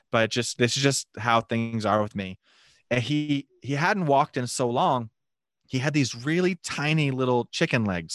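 A man telling a lively mission story in a casual, animated way, laughing now and then. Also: mid-range voice, no echo, clean studio sound.

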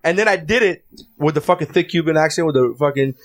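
A man hosting a podcast in casual chat, telling stories in a profane, animated way. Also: a little high, quick pace. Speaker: podcast host.

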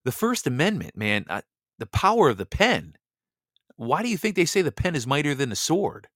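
Hosting a Bible reading show, a man delivers a heated, blunt political monologue, stumbling over repeated words when he gets worked up. His voice is a little high and a bit bright, sing-song, at a moderate pace. The studio sound is clean with no echo.

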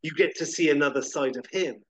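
A man's voice: a little high, fairly quick, fairly bright tone, dry recording, rough recording. A man co-hosting a podcast, chatting casually in a thoughtful, hesitant way. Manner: thoughtful, hesitant, with many ums. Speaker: podcast co-host. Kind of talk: casual chat.

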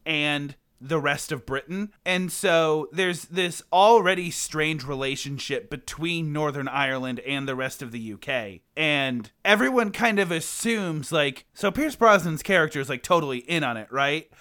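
A man's voice: fairly high pitch, animated, moderate pace, few pauses, pushed and bright, clean tone. A young man co-hosting a podcast, explaining his view of a movie carefully, with some hesitation. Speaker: podcast co-host. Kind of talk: casual movie-review chat.

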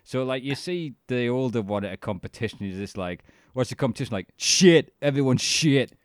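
Sweary podcast co-host. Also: male voice, medium pitch, quick pace, smooth, no echo, studio quality. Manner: animated, sweary, does voices when retelling. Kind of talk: casual chat.

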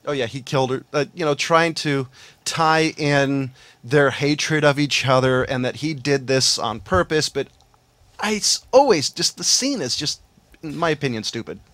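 A man's voice: on the high side, normal speed, fairly bright tone, dry recording. A man co-hosting a podcast, giving blunt opinions in casual movie chat. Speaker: podcast co-host.

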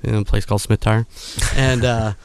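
A man's voice: on the low side, moderate pace, clear, resonant tone, dry recording. A man hosting a podcast, telling a casual story with laughs and acted-out quotes. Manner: animated, laughing, acts out quotes.

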